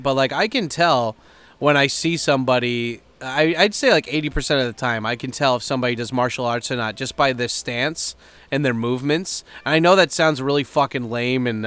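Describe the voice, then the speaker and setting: A man's voice: mid-range voice, fairly bright tone, smooth, no echo. A man vlogging in a loose, rambling way, swearing freely and leaning on fillers. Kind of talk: casual chat to camera.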